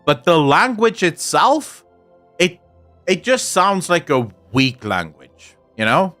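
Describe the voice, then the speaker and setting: A man's voice: fairly high pitch, sing-song, slow pace, sharp tone, faint music behind. A man from South Africa whose first language is Afrikaans, speaking English with an Afrikaans accent, chatting casually and profanely while answering viewers' comments on a live stream.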